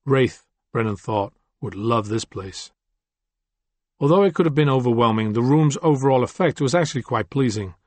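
A man reads fiction aloud in a measured, steady narration at a mid pitch. The recording is dry and close, with no room sound. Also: no echo. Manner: measured, descriptive reading. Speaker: audiobook narrator. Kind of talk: scripted narration.

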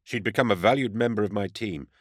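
A man reading a first-person audiobook in a steady, even storytelling manner. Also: fairly low pitch, fast, no echo, studio quality. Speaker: audiobook narrator.

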